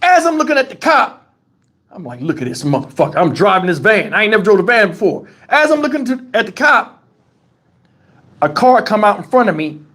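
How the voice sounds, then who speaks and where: A man with a fairly high voice tells a story live to his viewers. He is loose and profane, and he jumps into the voices of the people he quotes. It sounds like a close clip-on mic. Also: moderate pace. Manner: animated, profane, acts out quoted dialogue. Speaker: livestream host. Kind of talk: casual storytelling to a live chat. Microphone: wireless lavalier.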